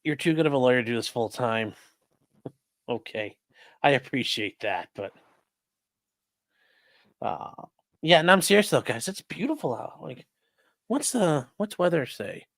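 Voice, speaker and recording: A man's voice: mid-range voice, sing-song, measured pace, pauses often. A man who is a lawyer chats casually on a livestream, joking and reading viewer comments aloud.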